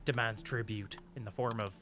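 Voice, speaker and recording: A man narrating as game master for a tabletop game, unhurried and often pausing on fillers. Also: fairly low pitch, steady tone, bright, forceful tone.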